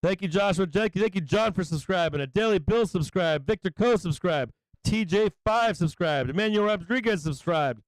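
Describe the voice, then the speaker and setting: An excitable man hosts a live stream, calling out viewers one by one with loose, profane enthusiasm and a catch of emotion in his voice. His voice sits high and comes through smooth and clear. The sound is dry and close, with no room around it. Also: normal speed, hardly any pauses, no room sound. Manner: excited, swearing, greeting viewers by name. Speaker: livestream host. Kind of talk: casual live-stream shout-outs.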